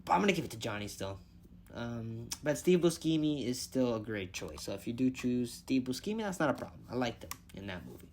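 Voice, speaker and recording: A man's voice: mid-range voice, sing-song, a little fast, a little mellow, a little hiss or hum. A man giving a casual movie review vlog, rambling and thinking aloud, swearing freely as he picks his favorites.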